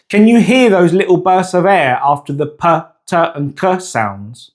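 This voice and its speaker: A man teaching a scripted pronunciation lesson, speaking clearly and deliberately and drawing out example words slowly. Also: high-pitched, sing-song. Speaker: language teacher.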